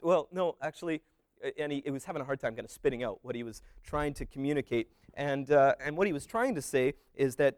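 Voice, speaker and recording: A man retelling a parable as a story in a relaxed, rambling way, with many fillers and restarts. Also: mid-range voice, a little fast, dry recording, clean studio sound.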